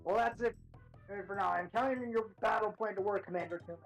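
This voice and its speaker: A woman's voice: mid-range voice, normal speed, soft background music, poor audio. A woman reading game dialogue aloud for a stream, playful between lines.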